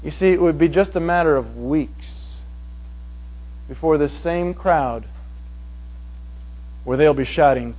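A man preaching a sermon to a congregation, swinging from hushed passages to loud, emphatic ones. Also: fairly high pitch, slow, long pauses, rough recording. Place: evening meeting before a congregation.

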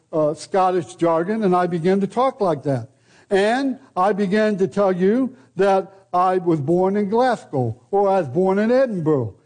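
An older American man delivers a sermon in a high, mellow voice. He preaches deliberately, piling up repeated phrases and rhetorical questions. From United States.

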